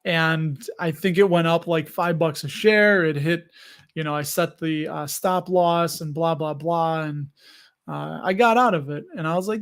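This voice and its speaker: A man's voice: on the high side, moderate pace. A man hosting a casual livestream, reading viewer comments and chatting loosely with frequent laughs. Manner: chatty, laughs often, self-deprecating. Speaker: livestream host reading chat. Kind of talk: casual live chat.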